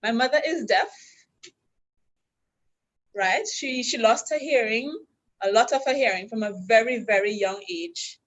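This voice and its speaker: A woman's voice: on the high side, unhurried, long pauses, fairly bright tone, rough recording. A woman with a Trinidadian accent teaching basic sign language step by step at a university orientation, patient and instructional. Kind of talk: teaching a class.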